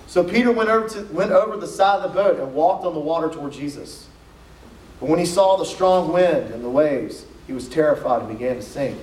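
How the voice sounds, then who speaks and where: A man's voice: a little high, normal speed, a little mellow. A man giving a casual, joking youth sermon at a camp, reading scripture with playful asides. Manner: joking, conversational, reads scripture aloud with asides. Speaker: camp speaker. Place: camp meeting hall. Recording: echoey hall from far off, faint noise.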